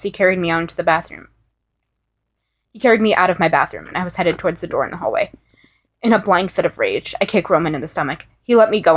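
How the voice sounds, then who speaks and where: A woman reading first-person fan fiction aloud in an earnest way, with small restarts. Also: on the low side. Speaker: story reader.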